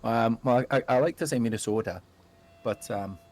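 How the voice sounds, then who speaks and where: A man's voice: mid-range voice, moderate pace, a little mellow. A man playing a game with a friend, chatting casually with a dry, teasing humor. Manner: wry, teasing, trails off into mumbles. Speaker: co-player. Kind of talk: casual chat while gaming.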